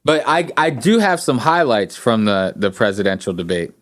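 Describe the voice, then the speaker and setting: A man's voice: mid-range voice, big pitch swings, normal speed, a bit bright, dry recording, clean studio sound. A young man hosting a podcast in casual chat, loose and profane, laughing often and slipping into impressions of people in his stories. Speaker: podcast host.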